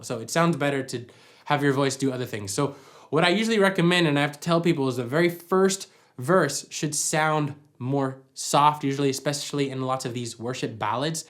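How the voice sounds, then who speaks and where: A man giving a practical singing lesson at home, explaining each point by demonstrating it. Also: medium pitch. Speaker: vocal coach. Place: at home with a dog nearby.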